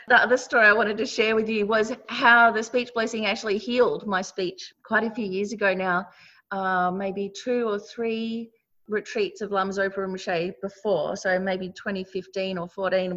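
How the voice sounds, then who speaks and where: A woman's voice: mid-range voice, fairly bright tone. Give me a Buddhist teacher, a woman, speaking in a mid-range voice through a somewhat dull online call line. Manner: earnest, personal storytelling with frequent restarts. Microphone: video call.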